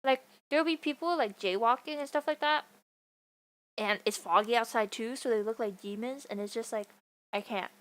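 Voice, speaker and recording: A young woman livestreams, chatting casually and goofily with her viewers and laughing often. Her voice is fairly high and a bit bright, at normal speed.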